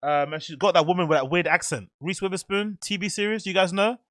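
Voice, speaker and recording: A man hosting a show, excitedly reacting to a video with slangy, swearing commentary. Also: high voice, quick pace, no room sound, studio quality. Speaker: host.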